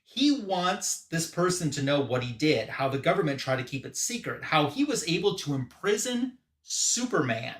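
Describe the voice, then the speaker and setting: A man's voice: fairly high pitch, sing-song, normal speed, a bit bright, echoey room. A man hosting a live show, casually retelling a comic story in a rambling way full of fillers. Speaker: podcast host.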